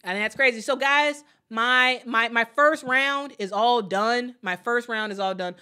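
A woman hosting a casual live watch party, chatty and excitable, often repeating her phrases and reading viewer comments aloud. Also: fairly high pitch, a little slow, clean tone. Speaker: host of a draft watch party stream.

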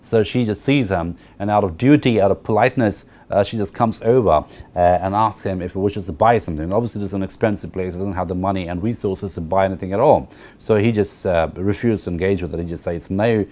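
Deep-voiced male lecturer. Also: quick pace, mellow. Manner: explanatory, repeats key phrases and often checks with "right?". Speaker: literature lecturer. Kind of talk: university lecture.

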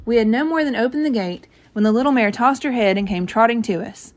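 A woman reading a novel aloud, telling the story gently and giving the characters light voices of their own. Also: a little high, fairly quick. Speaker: reader.

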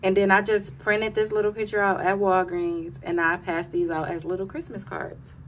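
This vlogger has a medium-pitched voice with little rise and fall, speaking at a normal speed. She talks chattily and directly to her viewers, using lots of "y'all," as she strolls a large store holding her phone. Background noise is clearly audible in the phone recording.

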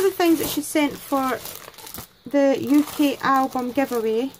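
A woman's voice: high-pitched, measured pace, a little hiss or hum, rough recording. A woman, chatting to camera at her craft desk at home, gushing with thanks as she unboxes her gifts. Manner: gushing, effusive, many exclamations. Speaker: craft vlogger.

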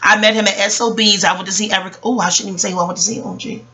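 Woman vlogger, forties, sharp bright tone, profane rambling rant, jokey asides. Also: medium pitch, steady tone, rapid-fire, slight background noise. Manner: passionate, swearing, rambling and joking.

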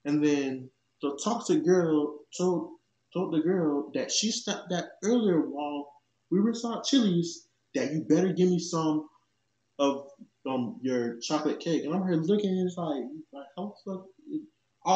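A man's voice: on the high side, unhurried, mellow, muffled recording. Rambling young man with a cussing storytime. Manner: profane, rambling, lots of "like" and restarts. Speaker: YouTube storyteller. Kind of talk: casual storytime rant. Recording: echoey room.

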